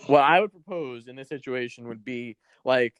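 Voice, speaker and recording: A man's voice: medium pitch, moderate pace, fairly bright tone, no echo. A man co-hosting a podcast, reviewing wrestling in a rambling, casual way, swearing and acting out little quotes. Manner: rambling, swears, acts out quotes in put-on voices. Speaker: podcast co-host.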